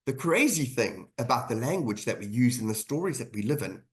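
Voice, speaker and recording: A man's voice: mid-range voice, big pitch swings, brisk. Male webinar presenter, mid-range voice, chatty lecture on leadership, repeats lines to drive points home. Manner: conversational, repeats key phrases for emphasis. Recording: webinar audio.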